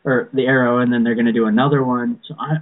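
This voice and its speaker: A man's voice: medium pitch, fairly even intonation, fast talker. Man, casual podcast chat, rambling with restarts, narrow phone-like sound. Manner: rambling, many restarts and "you know"s.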